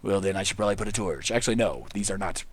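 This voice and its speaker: A man livestreaming a video game, hyper and goofy, jumping from loud squealing outbursts to mumbled asides. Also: low voice, animated, rapid-fire. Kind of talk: excitable gaming livestream chatter.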